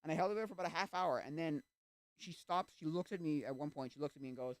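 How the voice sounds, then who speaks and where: A man's voice: a little high, quick pace, dry recording. A young adult man chatting casually on a livestream, rambling through tangents with lots of fillers. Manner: rambling, full of fillers and tangents, acts out quoted voices. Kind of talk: casual chat.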